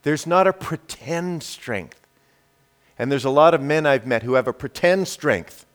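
A male preacher delivers a sermon, speaking straight to the congregation with rhetorical questions. His delivery swings between forceful, raised declarations and soft, hushed phrases. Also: fairly high pitch, expressive, unhurried. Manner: emphatic, shifts between loud declarations and quiet hushed lines.

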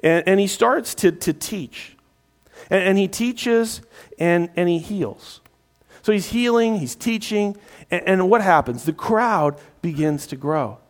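A man's voice: high-pitched, lively intonation, measured pace. A man preaching a sermon, often repeating his words and acting out crowd voices. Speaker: pastor.

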